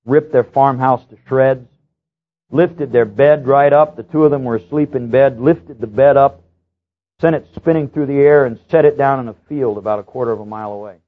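A male pastor delivers a sermon in an earnest, storytelling way. His pitch sits mid-range for a man and jumps upward when he stresses a point, and he circles back to repeat key phrases. The recording is thin and tinny, like a phone line. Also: moderate pace. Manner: storytelling with lively rises in pitch.

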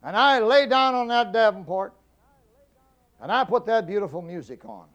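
A middle-aged man giving a humorous storytelling speech, folksy and animated, stammering and repeating himself for effect. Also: high-pitched, normal speed, lo-fi sound. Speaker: public speaker.

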